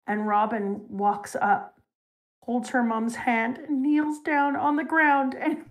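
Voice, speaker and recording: A young adult woman hosting a casual talk show, retelling a story with animated, emotional energy. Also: high-pitched, slow. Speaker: show host. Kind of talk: casual chat retelling a manga.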